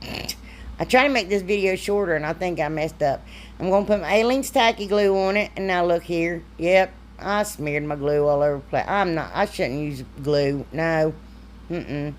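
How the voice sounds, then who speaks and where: A woman's voice: lowish voice, normal speed. Chatty woman crafting. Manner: chatty, self-deprecating, drawling. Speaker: craft vlogger. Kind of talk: casual crafting tutorial voice-over.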